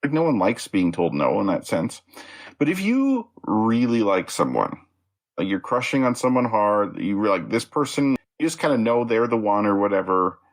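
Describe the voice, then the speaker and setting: A man co-hosting a podcast, talking in a measured, thoughtful, slightly self-deprecating way. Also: fairly low pitch, poor audio. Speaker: podcast co-host. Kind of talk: casual film discussion.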